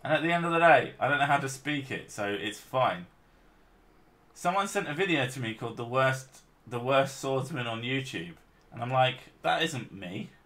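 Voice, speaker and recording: A man's voice: mid-range voice, expressive, moderate pace, pushed and bright. A Scottish man in his thirties chatting casually and swearing freely on a stream. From Scotland. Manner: sweary, jokey banter.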